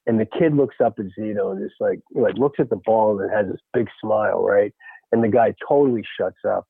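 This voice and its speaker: A former baseball coach telling a lively story in a radio interview, peppering his talk with "you know" and "right?". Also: lowish voice, a little fast, vocal fry, slight background noise. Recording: tinny phone line.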